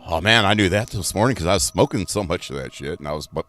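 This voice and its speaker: A man putting on the voice of a dim-witted stoner game show contestant who stammers and mumbles slowly. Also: low voice, animated, fairly bright tone. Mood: confused.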